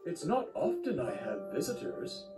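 A man's voice: medium pitch, very animated, unhurried, far from the mic, pitched above the performer's own voice. A man doing a weary, kindly old steam engine. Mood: warm weary. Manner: warm but tired, chuckling. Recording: loud background music.

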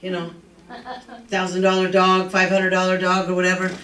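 A man's voice: high-pitched, monotone, normal speed. Fervent older male pastor, echoey church. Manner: fervent preaching that rises to shouts, with joking asides. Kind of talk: sermon. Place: church sanctuary. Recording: echoey, distant room recording.

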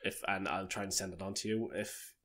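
A man's voice: low-pitched, steady tone, a little fast, pushed and bright. A man, co-hosting a podcast in casual chat and telling stories with frequent laughter. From Ireland. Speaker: podcast co-host.

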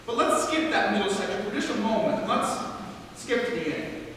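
A man's voice: high-pitched, animated, moderate pace, fairly bright tone, a little hiss or hum. A male pastor with an American accent, preaching an earnest sermon that builds to emphatic, repeated phrases. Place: large church sanctuary. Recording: echoey church, distant mic.

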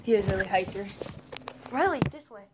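A woman's voice: mid-range voice, expressive, brisk, noisy background. A young woman vlogging at home in a casual, playful, teasing way. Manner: playful, teasing trash talk. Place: house, indoors and outside.

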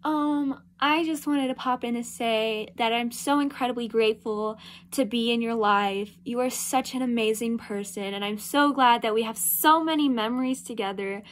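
Gushing, teary teenage girl. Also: fairly high pitch. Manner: gushing, rushed, fighting back tears. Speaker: theater student. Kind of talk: recorded farewell message.

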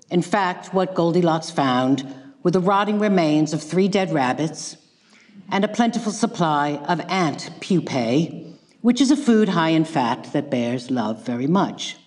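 Woman lecturer, wry deadpan delivery, lively pitch, echoey hall. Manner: dry, ironic, deadpan asides. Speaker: guest lecturer. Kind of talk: public lecture, retelling a tale.

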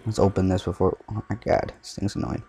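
A man's voice: deep voice, little pitch movement, a little fast, warm tone, soft background music. A man giving casual, joking gameplay commentary with trash talk. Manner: joking, trash-talking, reactive.

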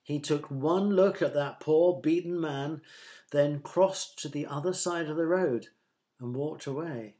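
A man voicing Jesus as a kindly, calm storyteller, gently firm as he tells the parable. His voice sits a little high for a man and moves slowly, in a storybook reading. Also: close to an everyday voice. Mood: storytelling.

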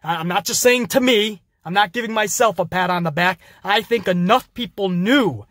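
Podcast host, high voice, dry sound, excitable and swears freely. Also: male voice, normal speed, no echo. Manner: energetic, profane storytelling. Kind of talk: casual wrestling show review.

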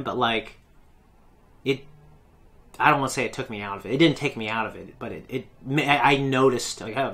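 A man's voice: medium pitch, a bit bright. Male reaction host with an ordinary middle-range voice, eager and rambling, often restarts his sentences. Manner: rambling, enthusiastic, self-correcting. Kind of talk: casual fan commentary.

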